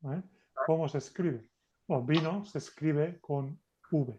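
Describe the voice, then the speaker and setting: A man's voice: a little high, a little slow, warm tone, slight background noise. A man teaching a beginner language class over a video call, patient and coaxing, switching between two languages. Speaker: Spanish teacher. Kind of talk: teaching an online group class.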